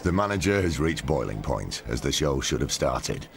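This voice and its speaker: Deep gravelly documentary narrator. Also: male voice, very animated, moderate pace, very noisy.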